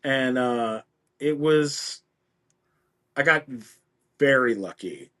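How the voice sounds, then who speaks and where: A man's voice: medium pitch, animated, extremely slow, a bit bright. A middle-aged man telling a story as a podcast guest, playfully acting out the voices of the people in it. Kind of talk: casual interview storytelling.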